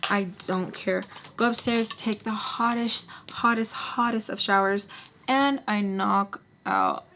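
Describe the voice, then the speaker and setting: A young woman vlogging a casual storytime while doing her makeup, full of likes and quick restarts. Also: mid-range voice, very animated, sharp tone, a little hiss or hum. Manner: chatty, many likes and restarts; voices others in quoted bursts.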